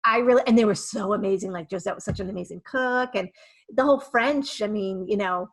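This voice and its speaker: A woman in her fifties from the Philadelphia area, a guest chatting casually and telling animated stories. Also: mid-range voice, fairly quick, creaky. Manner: chatty, storytelling with animated quoted voices. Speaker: guest, actress and photographer. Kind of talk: casual chat.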